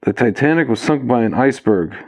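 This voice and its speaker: A man's voice: medium pitch, expressive, fairly quick, lightly acted. A man voicing a blunt man in a bar joke, answering curtly and matter-of-factly. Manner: curt, matter-of-fact.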